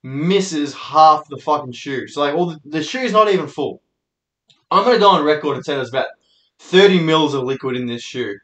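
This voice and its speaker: A young man hosting his own show, telling loose, laid-back stories with plenty of swearing. His voice sits a bit high for a man. The room around him is noticeably echoey. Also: lively intonation, moderate pace, a bit bright. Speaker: host. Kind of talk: casual storytelling monologue.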